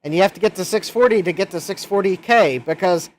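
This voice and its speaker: A man's voice: sits high, lively intonation, quick pace, hardly any pauses. A man hosting a casual livestream from his workshop, chatting, joking and reading out messages from viewers. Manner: chatty, jokey, reads chat messages aloud. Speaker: livestream host.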